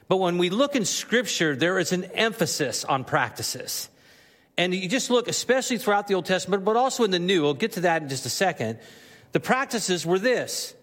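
A male pastor with a high voice preaches earnestly to his congregation, his words growing more emphatic as he presses his point. His voice carries through the long reverb of a church sanctuary. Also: fairly bright tone. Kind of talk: sermon.

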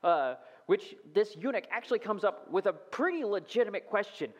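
A man giving a casual, animated sermon, sometimes dropping to a whisper. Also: sits high, moderate pace, slightly rough, lo-fi sound. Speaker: preacher. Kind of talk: conversational sermon.

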